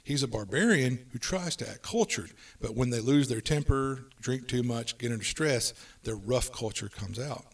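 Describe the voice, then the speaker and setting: Man, podcast host, casual chat, brisk tips, slightly distant mic. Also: medium pitch, creaky. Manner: brisk, runs through lists of tips. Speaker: podcast host giving tabletop game advice.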